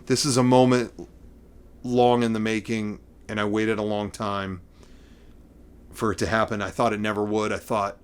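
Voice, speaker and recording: A middle-aged man hosting a casual collecting vlog, rambling and excitable, playing up mock emotion. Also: on the low side, moderate pace, long pauses, clean tone. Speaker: vlogger showing figure collection.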